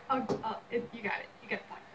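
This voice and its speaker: A woman's voice: fairly high pitch, steady tone, fast talker, sharp tone. A woman hosting her own video, playing a casual challenge game with her brother and laughing often. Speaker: vlogger host.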